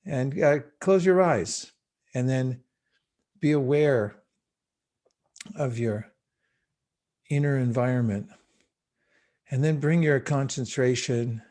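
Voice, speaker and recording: A man leading a guided meditation session over a video call, speaking in a calm, unhurried and gently instructive way. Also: mid-range voice. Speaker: meditation teacher.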